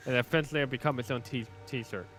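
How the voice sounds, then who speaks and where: A man in casual co-op streaming chat, his voice sitting in a middle register. He is blunt and jokey and drops swears without much weight. Quiet music plays faintly underneath. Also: medium pitch, steady tone, fast, rough recording. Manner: joking, blunt, swears offhandedly.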